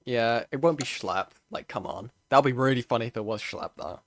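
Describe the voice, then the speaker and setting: A man's voice: mid-range voice, brisk. A man co-hosting a casual call conversation, making offhand, wry remarks and swearing now and then.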